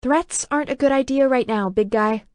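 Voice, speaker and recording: A woman voicing a distraught, sharp-tongued young woman who snaps when upset. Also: sits high, normal speed, no room sound, voice pushed up, lightly acted. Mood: wry. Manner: upset, snapping.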